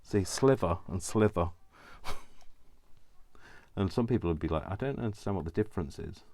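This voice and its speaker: Man host, very deep voice, casual rambling crafting walkthrough at home. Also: expressive, moderate pace, mellow, dry recording. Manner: chatty, rambling asides, self-correcting. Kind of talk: casual step-by-step tutorial.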